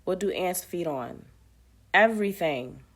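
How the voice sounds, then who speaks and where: A woman's voice: on the low side, lively intonation, unhurried, faint music behind. A woman playing a trivia app, reading the questions aloud and muttering casual commentary to herself as she plays.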